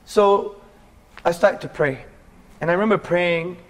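A man's voice: sits high, measured pace. A man in his forties from England, earnestly telling his life story as a guest in a casual interview and calling the host bro.

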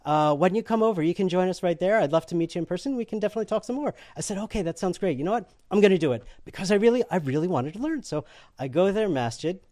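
A man tells a personal story in a casual, animated way, acting out the other people in it and laughing often. His voice sits a bit high for a man. The recording is close and dry, with almost no room sound. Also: rapid-fire, no echo. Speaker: guest telling his conversion story.

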